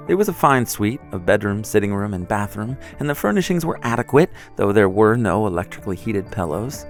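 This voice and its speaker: A man narrating a podcast story from a script, calm and storytelling. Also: fairly low pitch, a little fast, soft background music.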